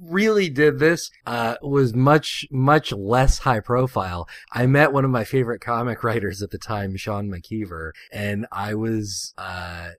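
A man's voice: mid-range voice, measured pace, hardly any pauses, fairly bright tone, no room sound. A man co-hosting a casual podcast, tossing in wry jokes and laughing often. The recording is dry, with no room sound. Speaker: podcast co-host. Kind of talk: casual chat.

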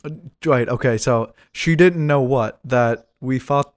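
A man's voice: medium pitch, measured pace. Laid-back, jokey male podcast co-host. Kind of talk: casual chat.

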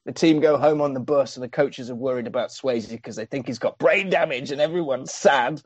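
A man's voice: mid-range voice, brisk, dry recording, lo-fi sound. A man doing a comic, sweary, sarcastic recap of a film as a podcast host.

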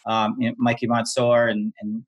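A middle-aged man speaking as a guest on a casual interview podcast. His voice sits at a middle pitch. He tells his story earnestly and explains things step by step. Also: monotone, normal speed, highs cut off. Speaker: guest, former Navy SEAL instructor and founder of an apparel brand.

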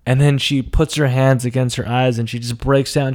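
A young man telling a personal story dramatically, swinging between hushed lines and emphatic, profane outbursts. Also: mid-range voice, level tone, moderate pace, few pauses.

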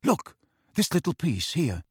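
A man voicing a serious, brooding teenage schoolboy wizard in a low, intent voice in a storybook reading. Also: wildly swooping pitch, a little slow, slightly rough, no echo, studio quality, full character voice.

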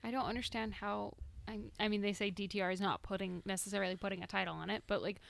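A woman's voice: medium pitch, steady tone, creaky. A woman co-hosting a podcast, chatting casually and often trailing off mid-sentence. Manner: quick, trailing off into half-finished sentences. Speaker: podcast co-host. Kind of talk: casual chat.

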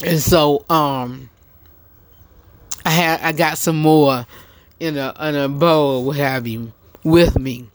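Male talk host, unhurried, meandering live-stream chat with lots of fillers; smooth tone. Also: on the high side. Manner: slow, rambling, many ums and restarts; eating while talking. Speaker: show host. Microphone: phone.

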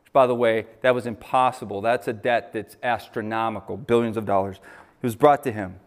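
A man's voice: on the low side, fairly even intonation, a little fast. An American man preaching a sermon as pastor, reading scripture and adding emphatic asides.

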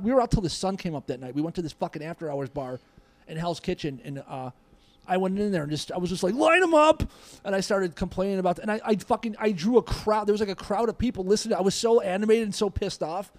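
A man in his forties, a podcast guest, telling stories in an animated, profane, casual way. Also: high-pitched, fast talker, dry recording.

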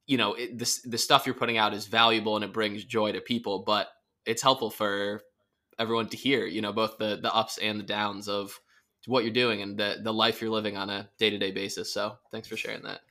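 A man's voice: fairly low pitch, sharp tone. A man co-hosting an interview, speaking in a friendly, appreciative way. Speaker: podcast co-host. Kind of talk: casual interview chat.

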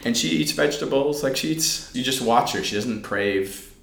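Being interviewed in a room with noticeable echo, a middle-aged man talks at normal speed in a creaky, medium-pitched voice. His casual storytelling is animated, and he performs the family dialogue he describes.

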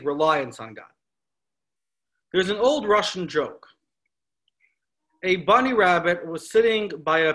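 A man giving a lecture on scripture, animated and telling stories, posing questions to his listeners. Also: high-pitched. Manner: animated storytelling with rhetorical questions. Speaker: Torah teacher.

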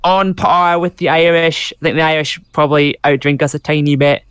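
Podcast co-host, Scottish man, blunt and sweary, smooth clear voice in a dry booth. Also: a little high, fairly even intonation, brisk, fairly bright tone, no room sound. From Scotland. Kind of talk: casual chat.

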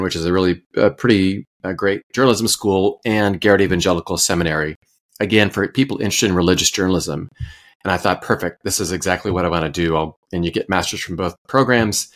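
A man's voice: sits low, fairly bright tone. A man in his fifties from Iowa, a pastor, telling his story as a podcast guest in a thoughtful, self-deprecating way. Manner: thoughtful, self-deprecating, with frequent fillers and restarts. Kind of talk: relaxed conversational storytelling.

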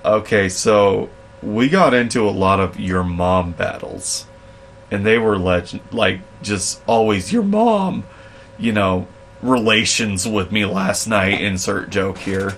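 A young adult man telling work stories in a casual chat, animated and laughing, acting out the voices of others. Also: lowish voice, takes it slowly, slight background noise. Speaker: podcast co-host, storyteller.

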